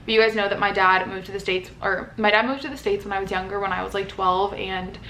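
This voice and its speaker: A woman's voice: medium pitch, little pitch movement, fast talker, sharp tone. Chatty young woman vlogging with city noise. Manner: chatty, many "like" fillers, open and personal. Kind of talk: candid vlog talk to camera. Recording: faint city noise behind.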